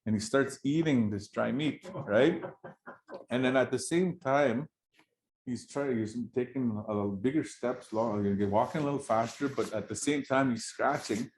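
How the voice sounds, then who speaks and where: A man's voice: mid-range voice, a little mellow. A male storyteller telling a traditional tale in a loose, chatty way. He laughs often and keeps checking in with his listeners with "right?" and "you know?". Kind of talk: oral storytelling to an audience.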